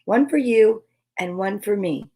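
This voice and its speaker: A woman's voice: medium pitch, measured pace, mellow, natural voice. A woman voicing a loving, upbeat mother in a children's story. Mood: warm.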